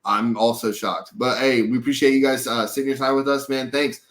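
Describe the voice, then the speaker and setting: A man's voice: medium pitch, fairly even intonation, fairly quick, fairly bright tone. Loose, swearing man hosting sports talk. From Dallas, Texas. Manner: loose, profane, rambling. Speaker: podcast host. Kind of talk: casual sports chat.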